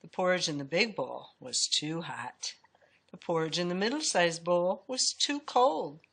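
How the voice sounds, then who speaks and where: A woman reading a children's story aloud with an expressive, swinging storytelling delivery. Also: lowish voice, a little slow, gravelly, breathy edge. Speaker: storybook reader.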